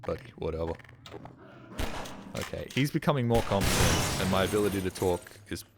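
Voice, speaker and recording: Sarcastic male game streamer, lively pitch. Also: fairly quick, very noisy. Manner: sarcastic, swings from muttering to excited shouting. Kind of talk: live gameplay commentary.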